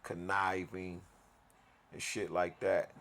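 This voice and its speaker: A man's voice: low voice, monotone, slow pace, gravelly, fairly bright tone. A man telling an aggrieved story in a profane, heated monologue, restarting and repeating himself as he vents. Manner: aggrieved, ranting, repetitive restarts. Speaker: vlogger.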